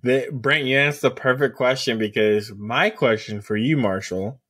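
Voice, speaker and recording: A man's voice: medium pitch, normal speed, a bit bright, breathy edge. A man with a mid-range voice, asking thoughtful questions on a podcast with a few hesitant fillers. The sound is dry, with no room echo. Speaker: podcast co-host. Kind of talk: casual podcast chat.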